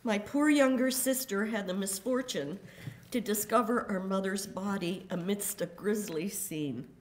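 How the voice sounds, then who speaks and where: An older woman reading a prepared statement in a courtroom, grave and deliberate, with measured emphasis on each word. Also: medium pitch. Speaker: victim's daughter giving a statement.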